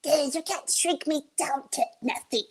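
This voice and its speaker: A woman's voice: sits high, measured pace, vocal fry, voice pushed up. A woman voicing shame as a scolding, dismissive male inner voice. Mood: scornful.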